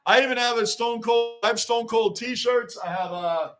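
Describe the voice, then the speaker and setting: A man's voice: extremely high pitch, normal speed, fairly bright tone, soft background music. A middle-aged man hosting a casual livestream from his basement, reading out fan chat and repeating himself for emphasis. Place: home basement.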